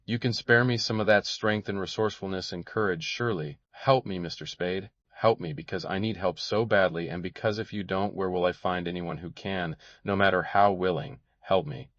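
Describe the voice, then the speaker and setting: A man's voice: sits low, moderate pace, hardly any pauses, a bit bright, dry recording. A man doing a pleading, frightened young woman. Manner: tremulous, pleading. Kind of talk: audiobook character voice. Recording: dull, dry recording.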